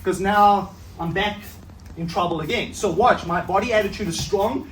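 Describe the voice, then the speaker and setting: Coaching a self-defense class at a seminar, a middle-aged man speaks conversationally at normal speed in a high-pitched voice, constantly asking "right?" The mic is far away in an echoey training hall, with slight hiss or hum.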